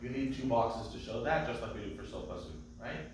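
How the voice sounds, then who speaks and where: A man's voice: medium pitch, expressive, a little fast, noisy background. A man teaching a trope class as cantor, who speaks patiently and chants the phrases. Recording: echoey room, mic at a distance.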